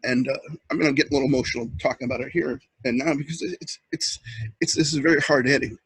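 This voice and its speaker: Host type: earnest, halting man, husky tone, close and dry sound. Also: mid-range voice, fairly even intonation, a bit bright, no room sound, poor audio. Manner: earnest, halting, with many restarts. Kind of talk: casual webcam monologue.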